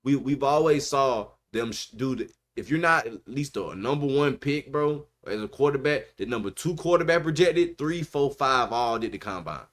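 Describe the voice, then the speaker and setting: A man's voice: medium pitch, animated, moderate pace, few pauses, fairly bright tone. Emphatic man talking sports on a podcast. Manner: emphatic, repeats himself, says bro a lot. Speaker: podcast host. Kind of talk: casual sports chat.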